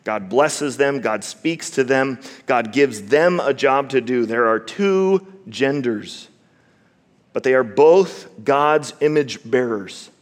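A man preaches in a mid-pitched voice, leaning hard on key words and drawing them out for weight. He often repeats a word as he gathers momentum. His voice carries a long reverb from a large hall. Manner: emphatic, slows down to stress key words, repeats words when building a point. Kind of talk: sermon.

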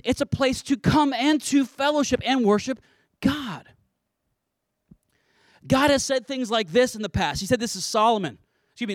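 A man preaching a sermon in an animated, conversational way, with playful asides. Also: high-pitched, dry recording, studio quality. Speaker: pastor.

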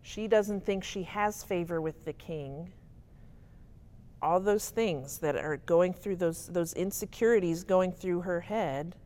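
Woman leading a bible study, lowish voice, chatty and emphatic, keeps asking "right?". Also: takes it slowly, a little mellow. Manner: conversational and emphatic, often checking in with listeners. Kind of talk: casual teaching talk.

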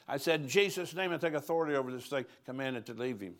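A man's voice: medium pitch, animated, quick pace, a bit bright. An older man, a pastor, preaching at a conference in a folksy, storytelling way, chuckling between lines.

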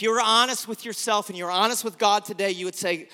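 Midwestern pastor, man, high bright ringing voice, fiery sermon delivery, reverberant church hall. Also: steady tone, brisk, clear, resonant tone. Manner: impassioned preaching, urging the congregation to repeat lines. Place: small storefront church.

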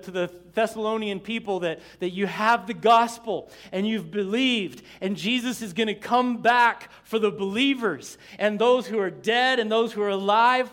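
A man preaching a sermon as pastor, slow and emphatic, drawing responses from the congregation with asides and chuckles. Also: high voice, fairly bright tone.

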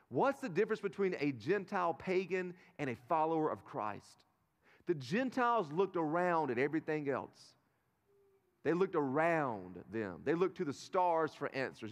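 A man in his thirties preaching a conversational sermon as pastor, telling stories and checking in with his congregation. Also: on the high side. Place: large church sanctuary. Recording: live sermon in a reverberant sanctuary.

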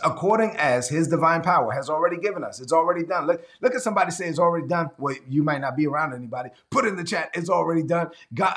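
A man's voice: a little high, a bit bright. Earnest man preaching an online sermon. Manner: repeats phrases and asks listeners to say lines aloud. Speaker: pastor.

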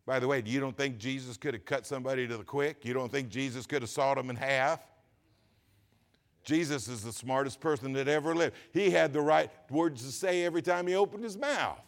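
A man preaching a sermon as pastor, reading scripture slowly and swinging between loud emphatic lines and quiet asides. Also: mid-range voice. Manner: reads scripture slowly with stress.

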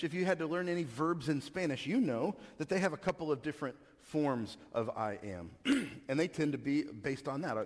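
A man from Texas, preaching a casual teaching sermon and asking the congregation questions. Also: on the high side. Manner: conversational teaching, asks the audience questions, frequent restarts. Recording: reverberant hall.

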